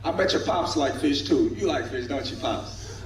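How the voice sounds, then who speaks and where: A man's voice: a little high, lively intonation, normal speed. A man from the United States, a boxer at a press conference, trash-talking in a slangy, boastful, playful way. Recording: echoey hall mic, far off, crowd noise.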